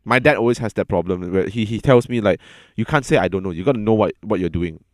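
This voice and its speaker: A man with a fairly low voice talks openly and earnestly in a casual conversation. He stumbles and repeats words as he works through what he wants to say. The sound is dry, with almost no room echo. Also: a little mellow. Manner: earnest, halting, repeats words when upset. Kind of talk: casual candid chat.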